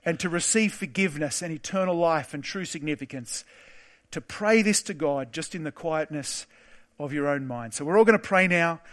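Male preacher, earnest evangelistic appeal, slightly high pitch, repetitive inviting phrasing. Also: fairly bright tone. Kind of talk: evangelistic sermon with led prayer.

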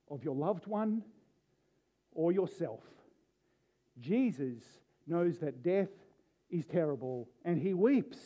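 A man preaching a sermon earnestly, building to emphatic peaks as he reads and explains a passage. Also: fairly high pitch. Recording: dull lo-fi sound.

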